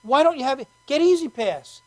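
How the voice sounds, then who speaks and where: A woman comedian hosting a casual show, telling rambling comic stories in an animated way and laughing often. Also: high-pitched, normal speed. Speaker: comedian host.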